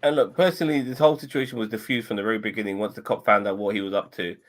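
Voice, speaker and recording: A man's voice: on the low side, fairly even intonation, racing. A man hosting a casual podcast chat, blunt and ranting with lots of swearing. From United Kingdom. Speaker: podcast host.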